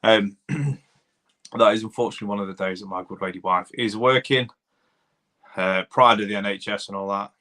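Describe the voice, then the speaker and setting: A man's voice: lowish voice, normal speed, pushed and bright. A man in his thirties with a Doncaster accent, rambling casually as he chats with viewers on a livestream and reads their comments. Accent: Doncaster, South Yorkshire. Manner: rambling, chatty, addresses viewers as buddy and mate. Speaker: livestream host, car mechanic.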